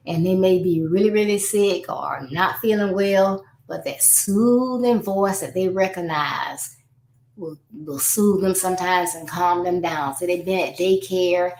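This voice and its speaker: A woman's voice: on the low side, darkish tone. A woman life coach hosting a live parenting advice talk, speaking conversationally and acting out exchanges between parents and children. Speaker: life coach and show host. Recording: roomy echo.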